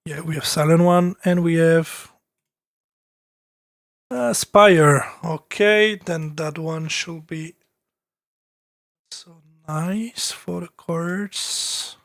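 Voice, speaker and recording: A man's voice: fairly high pitch, extremely slow, vocal fry, long pauses, no echo, studio quality. A man with a French accent talking casually on a live stream as he produces music, thinking aloud with many fillers and restarts.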